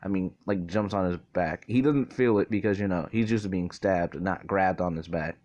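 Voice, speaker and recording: A man's voice: low-pitched, normal speed, a little mellow, dull audio. Rambling young man telling a story. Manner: rambling, profane, self-correcting. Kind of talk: casual fan-fiction storytelling.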